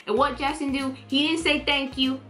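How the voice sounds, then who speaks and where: A woman vlogger in casual chatty review mode, animated and putting on playful voices to act out quotes. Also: high-pitched, moderate pace, echoey room, faint music behind.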